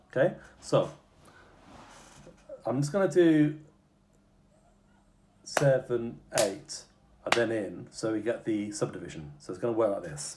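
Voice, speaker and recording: A man's voice: mid-range voice, a little mellow, slight background noise. A man giving a casual music lesson, explaining step by step and chanting rhythm syllables, stopping to fix his own slips. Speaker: music teacher.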